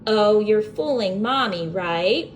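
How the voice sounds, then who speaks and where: A woman's voice: mid-range voice, lively intonation, slow, slight background noise. A woman voicing a busy mother who fusses and scolds, in a storybook read-aloud. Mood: flustered. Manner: fussy, scolding tone. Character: busy mother, fussing and flustered.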